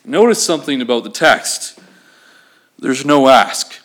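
Male pastor, animated sermon delivery, slightly high voice, asks the congregation questions. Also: a little slow.

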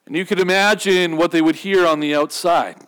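A high-voiced male pastor gives a sermon in a loose, chatty style. He jokes with the congregation and keeps asking rhetorical questions. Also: steady tone, fairly quick, a bit bright, smooth, poor audio. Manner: conversational, humorous, rhetorical questions.

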